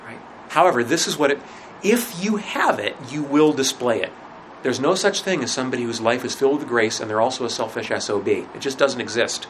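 A man teaching a religion class in a conversational lecture, asking rhetorical questions and often pausing with fillers. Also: mid-range voice, a little hiss or hum, low-quality recording.

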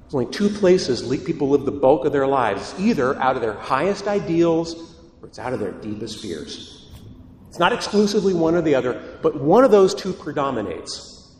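A man delivering a sermon as a priest, expressive, moving between soft, slow passages and emphatic rises. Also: on the high side, a little hiss or hum. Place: large church. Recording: echoey church hall, voice from a distance.

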